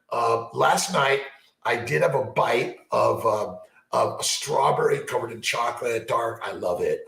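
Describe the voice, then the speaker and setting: A man's voice: mid-range voice, gravelly, a bit bright, roomy sound, rough recording. A man answering viewer questions as a fertility doctor in a rambling, upbeat live chat, repeating himself and restarting often. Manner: upbeat, repetitive, motivational, many fillers and restarts.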